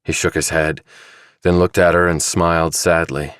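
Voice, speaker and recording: A man narrating a thriller audiobook in a measured, even storytelling manner. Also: deep voice, clear, resonant tone, dry recording, clean studio sound. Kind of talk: scripted narration.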